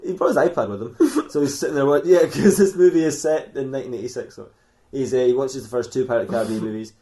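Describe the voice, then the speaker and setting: A man's voice: medium pitch, animated, fast talker, warm tone, roomy sound, a little hiss or hum. A man hosting a comedy podcast, improvising a rambling story with frequent laughs and restarts.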